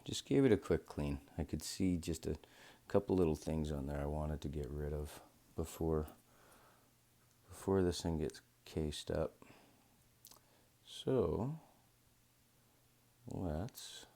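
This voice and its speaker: A man's voice: very deep voice, slow pace, gravelly, long pauses, warm tone. A man hosting a watch modding video, chatting casually and rambling to himself as he works. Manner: rambling, talks to himself, self-deprecating. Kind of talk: casual narration while working.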